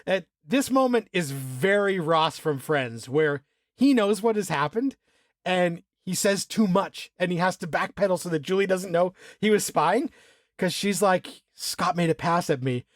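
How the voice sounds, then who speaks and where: A man co-hosting a podcast, casually talking through a film, animated, laughing and swearing as he acts out scenes. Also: sits high, a little slow, dry recording, clean studio sound. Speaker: podcast co-host.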